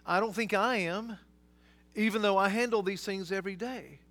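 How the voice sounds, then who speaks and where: A man preaching a sermon as pastor, earnest and emphatic, swinging between loud and quiet. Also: high voice, normal speed.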